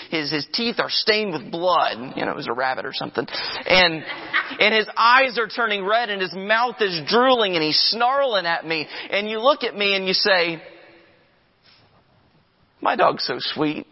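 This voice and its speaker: A man's voice: sits high, lively intonation, normal speed. A man preaching a sermon, emphatic and repetitive, telling vivid stories to make his point. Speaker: pastor. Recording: dull sound with long reverb.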